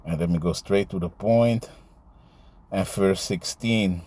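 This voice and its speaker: A man preaching and reading scripture aloud in a loose, halting way, tagging his lines with "man" and "you see". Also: low voice, dark tone. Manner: halting, with many fillers and restarts while finding verses. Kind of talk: casual scripture teaching, reading verses aloud.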